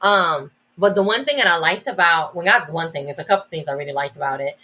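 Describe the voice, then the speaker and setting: A woman's voice: on the low side, quick pace, sharp tone. A woman educator as a podcast guest, talking enthusiastically in a casual, rambling way with many restarts and "like" fillers.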